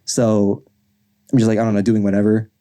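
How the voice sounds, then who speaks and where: A man's voice: on the low side, little pitch movement, fairly quick, warm tone. A young man co-hosting a podcast, telling a long story in a rambling, casual way with lots of swearing and fillers. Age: young adult. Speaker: podcast co-host. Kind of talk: casual chat.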